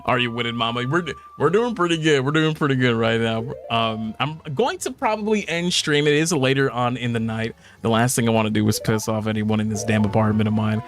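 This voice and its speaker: A man casually chatting while livestreaming a video game at home, swearing and telling stories with lively put-on quotes. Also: medium pitch, fairly quick, hardly any pauses. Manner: profane, animated storytelling with laughs and put-on quotes. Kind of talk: casual gameplay chat. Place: home apartment at night. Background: faint game music.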